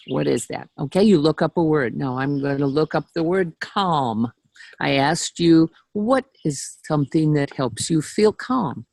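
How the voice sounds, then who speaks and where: Woman meeting leader, unhurried relaxed delivery, gravelly edge, casual lecture with asides. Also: low voice, no echo, rough recording. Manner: frequent throat clearing, chatty asides. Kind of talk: casual teaching talk.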